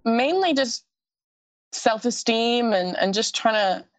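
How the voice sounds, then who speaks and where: Speaking slowly in an expressive, high-leaning voice, a pageant guest chats in a casual video-call interview, gushing, bubbly and quick to laugh. She's young, has a mild Scottish accent, and comes from Scottish roots, having moved to the UK at sixteen. The recording is dry.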